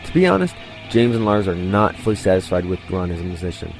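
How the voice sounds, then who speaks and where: A man giving scripted documentary narration in a steady, measured way. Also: low-pitched, creaky. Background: music.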